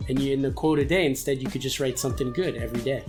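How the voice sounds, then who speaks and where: A man talks with his co-host in an easy, joking way on a casual podcast. His voice sits at a middle pitch, with music playing behind him. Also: rapid-fire. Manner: easygoing, joking banter. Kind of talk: casual chat.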